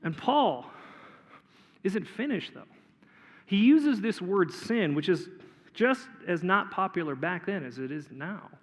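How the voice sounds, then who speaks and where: A male pastor preaching a sermon in a conversational way, often clearing his throat and repeating words. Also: high voice, lively intonation, unhurried, pauses often. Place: church auditorium. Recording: long hall reverb.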